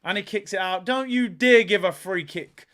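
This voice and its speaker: A young man commentating live on a football match as a fan, excitable, using slang and shouting at the players. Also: high voice, normal speed. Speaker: fan watchalong host.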